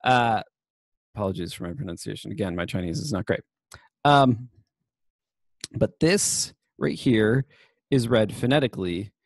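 A man's voice: on the low side, darkish tone, no echo. A young man giving a casual university lecture on literature, chatty and full of fillers and self-corrections.

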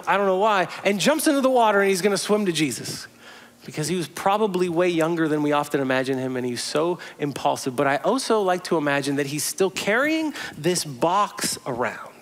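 A male pastor preaching in a relaxed, conversational way. He tells the story as if picturing it out loud, with casual asides along the way. His voice sits high for a man. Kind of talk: sermon.

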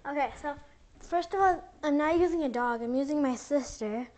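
A woman's voice: high-pitched, moderate pace, darkish tone. A young woman from the United States chatting casually at home in a bubbly, rambling vlog, full of "like" fillers. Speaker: vlogger.

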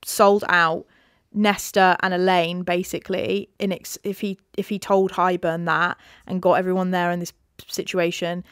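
A woman co-hosting a podcast in casual book-club chat, retelling the plot with quick quoted voices and frequent swearing. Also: fairly low pitch, level tone, clear, resonant tone, no echo, clean studio sound. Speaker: podcast co-host.

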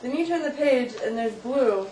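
A woman's voice: sits high, expressive, moderate pace. A woman chatting casually at home, making teasing jokes about a picture book. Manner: teasing, jokey commentary. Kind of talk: casual chat. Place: family home. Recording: echoey home video from a distance, noisy.

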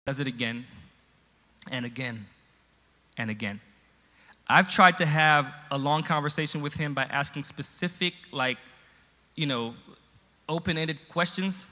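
A male pastor telling a humorous story in a sermon, animated, swinging from quiet asides to loud emphasis. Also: fairly high pitch, a little slow, pauses often. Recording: long hall reverb.

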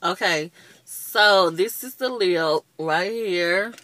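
A woman's voice: on the low side, slow, a bit bright, no echo. A woman in her twenties giving a casual, rambling makeup review, openly annoyed and chatty. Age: 20s. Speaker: beauty vlogger.

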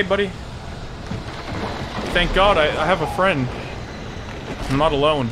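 Excitable man yelling at a video game. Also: on the high side, moderate pace, pauses often. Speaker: gamer. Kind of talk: let's play commentary. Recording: game ambience and noise behind.

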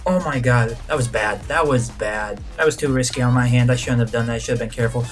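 A man giving excited live commentary on his own gameplay, reacting loudly to the action and muttering to himself between moments. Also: medium pitch, quick pace, faint music behind. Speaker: gaming channel host.

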